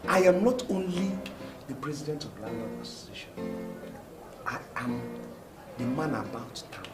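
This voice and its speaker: A man's voice: medium pitch, big pitch swings, normal speed, close to an everyday voice. A man playing a boastful, self-important landlord association president in a comedy film. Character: boastful pompous male landlord president, middle-aged. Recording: film scene with music playing.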